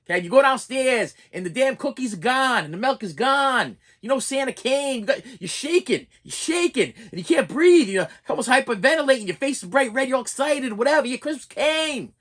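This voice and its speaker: A middle-aged man as a channel host, delivering an animated comic rant full of stammered restarts and "okay?" tags. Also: very high-pitched, brisk.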